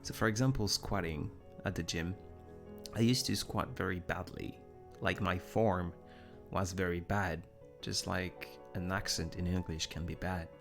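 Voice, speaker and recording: A man's voice: low-pitched, fairly even intonation, unhurried, gravelly, music in the background. A young man with a French accent, chatting casually on a live stream, rambling and self-deprecating as he answers viewer comments. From Germany. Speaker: livestream host.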